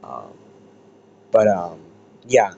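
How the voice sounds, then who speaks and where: A man's voice: sits low, sing-song, drawn-out words, vocal fry, a little mellow. An American man giving a rambling, casual rant as an online commentator, swearing freely. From United States. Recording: muffled lo-fi with faint hiss.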